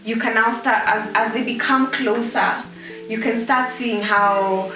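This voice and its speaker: A woman's voice: on the high side, steady tone, measured pace, sharp tone. A woman co-hosting a casual book chat in a playful, chatty way. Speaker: podcast co-host. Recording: roomy sound from a distant mic, music behind.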